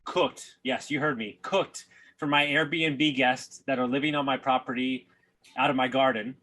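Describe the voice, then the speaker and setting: A man hosting a podcast who tells stories with heavy swearing and lively emphasis. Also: mid-range voice, measured pace. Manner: profane and animated storyteller. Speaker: podcast host. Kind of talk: podcast conversation.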